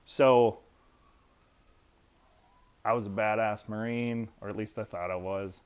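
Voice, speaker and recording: Guy in his 50s swapping army stories, cusses a lot, mid pitch, really animated. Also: takes it slowly, clear, resonant tone. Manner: profane and animated, acts out quotes. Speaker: guest, military veteran. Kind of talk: casual storytelling.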